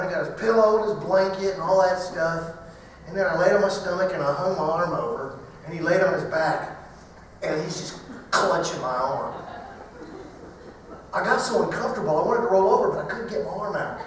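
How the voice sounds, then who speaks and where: A middle-aged man speaking at a banquet, telling a funny personal story in an animated way and acting out the voices. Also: high-pitched, slight background noise. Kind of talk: humorous storytelling talk. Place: large banquet hall. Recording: echoey hall from far off.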